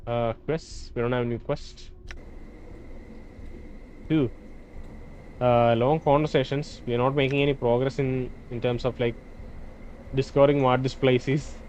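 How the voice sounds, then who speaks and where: A man playing a role-playing game, reading its dialogue aloud and thinking out loud between lines. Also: medium pitch, fairly even intonation, a little slow, long pauses, slight background noise. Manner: hesitant, restarts and fillers, reads dialogue in plain voice. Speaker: gameplay streamer.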